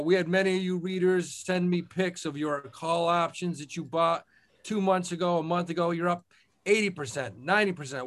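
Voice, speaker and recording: A high-voiced man co-hosts a podcast and hypes his stock picks emphatically. He repeats his picks and drives each point home. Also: fairly bright tone. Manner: emphatic, hyping. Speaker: podcast co-host. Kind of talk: stock pick pitch.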